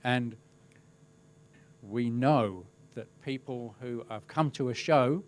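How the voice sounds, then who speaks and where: A middle-aged man, a crowd safety specialist, giving a webinar talk with relaxed, wry storytelling. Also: mid-range voice, takes it slowly. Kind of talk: webinar presentation, telling an anecdote.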